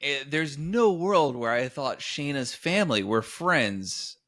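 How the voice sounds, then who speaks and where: Brief: male podcast host, animated storyteller, bright tone, dry close sound. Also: on the high side, slow pace, no echo. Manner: animated storyteller, acts out quotes. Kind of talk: casual chat, storytelling.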